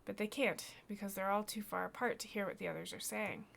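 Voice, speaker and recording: Woman reading as a quiet dreamy young girl. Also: medium pitch, fairly even intonation, brisk, vocal fry, a little hiss or hum. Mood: wistful.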